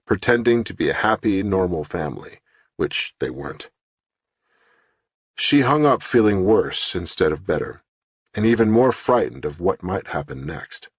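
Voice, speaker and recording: A man reading an audiobook novel in scripted narration with an even, steady delivery, close to the microphone. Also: low voice, husky, no echo.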